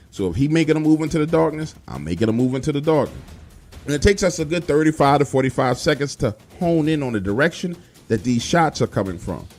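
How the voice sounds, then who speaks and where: Profane man telling a story, lively pitch. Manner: casual, profane street slang; addresses listener directly. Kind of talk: first-person true horror story narration. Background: faint music.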